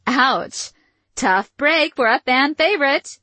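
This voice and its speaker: Bubbly female surf reporter, read by a woman; sharp, dry, upbeat patter. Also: sits high, expressive, takes it slowly, no echo, full character voice. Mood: chirpy. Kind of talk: audiobook character reading.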